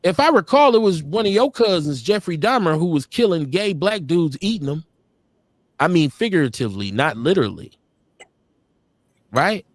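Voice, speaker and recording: Man, live-stream co-host, high voice, very lively pitch, blunt, profane, laughing. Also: moderate pace, no room sound, clean studio sound. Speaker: podcast co-host. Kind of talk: casual live-stream commentary. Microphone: streaming call.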